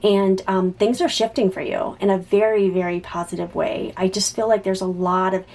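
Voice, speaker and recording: A woman giving a spontaneous tarot reading to camera. She talks in an excited, halting way, with many restarts, and sometimes drops to soft murmurs. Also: medium pitch. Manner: drops to soft whispers while shuffling cards. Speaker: psychic tarot reader.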